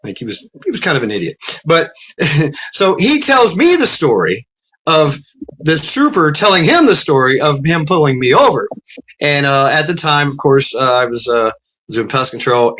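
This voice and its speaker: A middle-aged man telling a long, profane story in casual chat, stumbling over restarts and acting out quotes in a raised, shouting voice. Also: fairly high pitch, sing-song, moderate pace. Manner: profane, rambling, frequent restarts.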